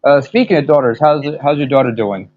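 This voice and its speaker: A man's voice: medium pitch, fairly quick. A man on a podcast hangout, joking and rambling in casual chat. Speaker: podcast panelist. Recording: dull lo-fi online audio.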